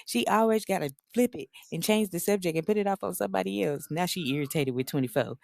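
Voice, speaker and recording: A woman's voice: fairly low pitch, fast talker, vocal fry, few pauses. Sassy, slangy woman recapping reality TV. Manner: animated, slangy, sassy storyteller who acts out the quotes. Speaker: reaction channel host. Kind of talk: casual reality-TV recap commentary.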